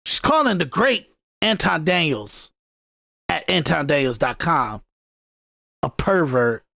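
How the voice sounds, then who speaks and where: A man from Detroit hosting a podcast, talking in animated, repetitive, emphatic commentary. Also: fairly high pitch, slow pace, gravelly, no echo, studio quality. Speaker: podcast host.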